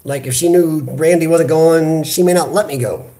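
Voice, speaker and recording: An American man hosts a casual live chat, animated and talkative as he answers his viewers. He talks straight into a computer webcam. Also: fairly high pitch, normal speed. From United States. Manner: animated, chatty, reads viewer comments aloud. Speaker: livestream host. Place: hospital room.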